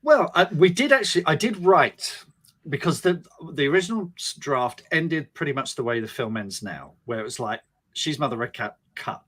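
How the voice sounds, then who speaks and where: A man talking on a livestream podcast, his voice bright and forward. He tells a story in a rambling, animated way, restarting sentences as he goes. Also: on the high side, moderate pace. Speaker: podcast host and writer.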